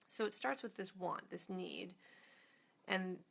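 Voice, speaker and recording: Woman with a gravelly, relaxed voice. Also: fairly low pitch, slow pace. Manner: informal, rambling, with many fillers. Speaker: illustrator and author. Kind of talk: casual explanation while drawing.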